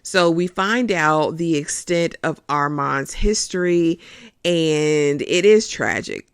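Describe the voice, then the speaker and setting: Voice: medium pitch, takes it slowly, clean tone, no room sound, studio quality. Chatty host recapping a TV episode. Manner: chatty and expressive, calls listeners honey.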